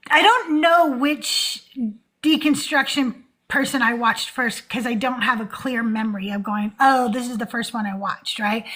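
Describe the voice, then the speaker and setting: A woman's voice: high voice, bright, forceful tone. A woman in her forties hosting a live call-in show, chatting casually and laughing often between many fillers. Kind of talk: casual livestream chat.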